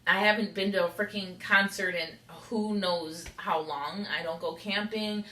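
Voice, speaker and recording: A woman's voice: mid-range voice, steady tone, unhurried, pushed and bright. A young woman rambling candidly in an unedited confessional vlog, saying "like" a lot. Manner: rambling, candid, heavy use of "like". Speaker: vlogger. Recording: echoey room.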